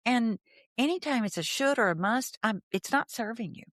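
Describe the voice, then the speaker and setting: A woman therapist guesting on a podcast, explaining ideas in an animated way, laughing often and acting out inner thoughts. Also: a little high, normal speed, no room sound, clean studio sound.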